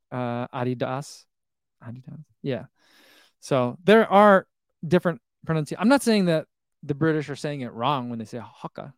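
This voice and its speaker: On a casual live stream, the thirtysomething running shoe vlogger reads out viewer comments, rambling and laughing along. His voice sits on the high side and sounds clean, with clear studio audio and no echo.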